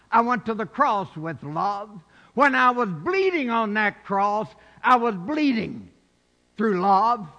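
Solemn gentle savior figure, put on by a male preacher, bright tone, long hall echo. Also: extremely high pitch, full character voice. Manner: solemn, earnest declarations.

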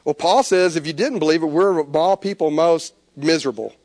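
A man preaching a sermon, animated, with stammered restarts. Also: a little high, brisk, no echo. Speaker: pastor.

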